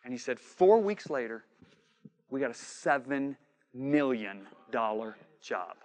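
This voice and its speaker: A man preaching a sermon, telling a story with quoted dialogue and swinging from shouting to hushed asides. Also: medium pitch, sing-song, unhurried.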